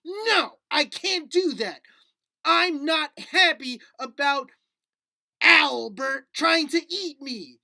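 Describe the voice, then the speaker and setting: A man's voice: extremely high pitch, slow, creaky, pushed and bright, voice pushed up, full character voice. A man voicing a small, fretful male puppet creature who holds a grudge, talking in a whiny, indignant sing-song. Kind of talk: puppet skit in a lesson.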